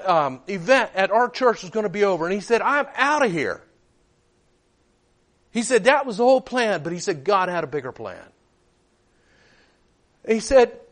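A man preaching and telling a personal story, his voice pitched high and swinging widely as he acts out each quoted line. He moves between hushed, reflective moments and raised, emphatic ones. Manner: animated, retells dialogue in quoted voices. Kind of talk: sermon storytelling.

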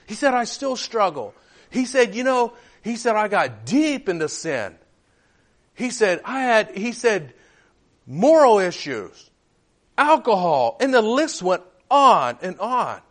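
Animated high-voiced male preacher. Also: slow pace. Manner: animated, retells dialogue in quoted voices. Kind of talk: sermon storytelling.

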